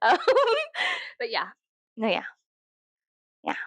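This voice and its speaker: A woman's voice: medium pitch, huge pitch swings, takes it slowly, fairly bright tone, no echo. A woman in her thirties from South Texas, rambling in a casual, profane, giggly monologue that swings to sarcastic mockery. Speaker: vlogger.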